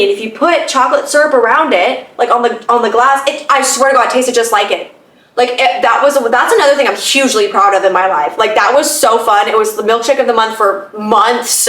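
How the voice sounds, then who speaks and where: A woman's voice: a little high, recorded from a distance. Chatty young woman in an echoey room. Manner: chatty, swears often, breaks into loud laughs. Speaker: podcast host. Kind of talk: casual storytelling.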